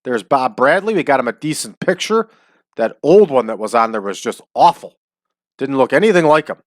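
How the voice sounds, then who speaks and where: A man's voice: medium pitch, animated, dry recording. Guy chatting through his wrestling booking game, hypes stuff up, dry close sound. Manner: chatty, drawn-out hype calls. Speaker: wrestling sim game host. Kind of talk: casual game commentary.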